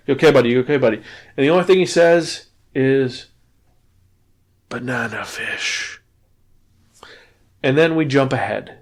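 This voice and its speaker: A man's voice: medium pitch, creaky. Casual man retelling a story. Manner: animated storytelling, swearing, stumbling restarts. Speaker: podcast host and manga reviewer. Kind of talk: casual spoken review, retelling a plot.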